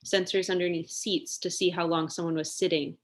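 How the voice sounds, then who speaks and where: A chatty young woman with a fairly low voice, talking as a guest in a relaxed interview. She tells her stories with lots of fillers and laughs often along the way. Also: brisk. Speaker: interview guest, singer and lawyer. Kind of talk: casual storytelling interview.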